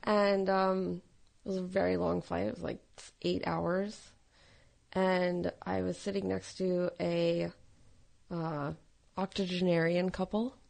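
A woman's voice: on the low side, level tone, takes it slowly, vocal fry, darkish tone. A woman guest on a comedy talk show, telling stories in a chatty way. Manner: chatty storyteller. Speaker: studio guest.

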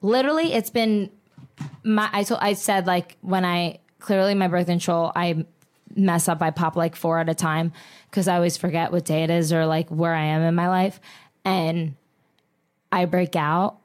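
A woman's voice: lowish voice, steady tone, moderate pace. A woman co-hosting a podcast, rambling bluntly and swearing freely in casual chat. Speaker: podcast co-host.

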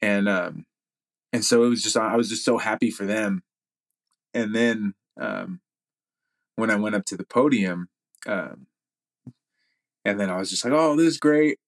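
A man's voice: fairly low pitch, fairly even intonation, unhurried, creaky, pauses often. A man speaking as a podcast guest, telling a story in a rambling way with lots of fillers and restarts. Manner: rambling, many fillers and restarts, laughs while talking. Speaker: podcast guest, jiu-jitsu athlete. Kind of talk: casual storytelling.

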